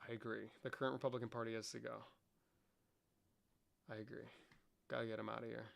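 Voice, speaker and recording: A man's voice: medium pitch, level tone, fast talker, gravelly, a bit bright. A young man around twenty, casually chatting on a livestream in a joking, sarcastic way and swearing a lot. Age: young adult.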